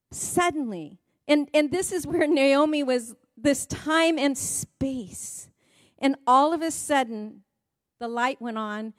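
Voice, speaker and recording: A woman, a pastor's wife, preaching a sermon in a building, repetitive cadence that swings between loud emphasis and soft hushed passages. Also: high voice, no room sound.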